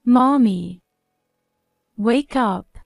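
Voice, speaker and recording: A woman's voice: on the high side, extremely slow, gravelly, no echo, clean studio sound, exaggerated voice. A woman voicing a three-year-old boy in a storybook, speaking in a trembling, quivering voice. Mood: frightened. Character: scared little boy, three years old.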